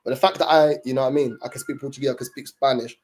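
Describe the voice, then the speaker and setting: A young male streamer talks very fast in a mid-range, steady voice that's a little mellow. His livestream chat to viewers is laid-back and easygoing, heavy on slang and full of fillers.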